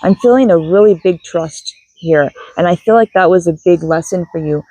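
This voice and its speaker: Mellow-voiced woman guiding a meditation. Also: on the low side, dry recording, poor audio. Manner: soft and unhurried while guiding, chatty and apologetic between. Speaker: spiritual guide and card reader. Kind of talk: guided meditation and casual card reading. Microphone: phone with a clip-on microphone.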